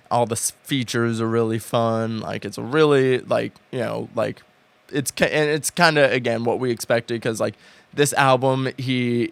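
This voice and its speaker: A man's voice: medium pitch, creaky, clear, resonant tone, dry recording. A man in his late twenties co-hosting a podcast, rambling enthusiastically with lots of fillers and restarts. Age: late 20s. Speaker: podcast co-host. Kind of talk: casual chat. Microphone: podcast studio mic.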